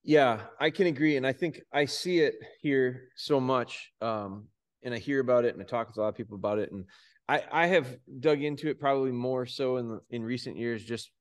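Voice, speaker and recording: A man hosting a conversational podcast interview, reflecting on training methods and carefully qualifying his views. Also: medium pitch. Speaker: podcast host.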